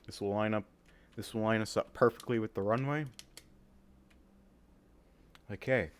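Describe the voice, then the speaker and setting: A man casually talking through a flight simulator game, thinking aloud with many pauses and filler words, and breaking into sudden excited outbursts. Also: fairly low pitch, clear, resonant tone. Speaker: flight sim gamer. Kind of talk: casual gameplay commentary.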